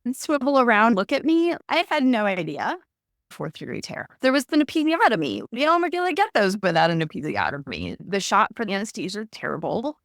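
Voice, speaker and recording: A woman in her thirties telling a personal story in a conversational way, animated and acting out the lines of people in it. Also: fairly high pitch, fast talker, hardly any pauses, no room sound, studio quality. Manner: animated, acts out quoted dialogue. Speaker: guest recounting her birth.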